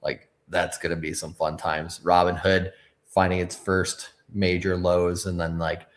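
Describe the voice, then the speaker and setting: A man's voice: low-pitched, flat delivery, unhurried. A man co-hosting a livestream, talking loosely with frequent filler words and swearing. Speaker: co-host of a crypto livestream. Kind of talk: casual livestream chat.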